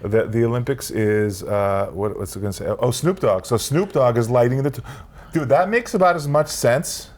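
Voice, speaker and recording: Casting note: male comedy co-host, dry teasing humor, mid-low pitch, steers the chat. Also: normal speed, darkish tone. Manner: wry, teasing, steers the topic.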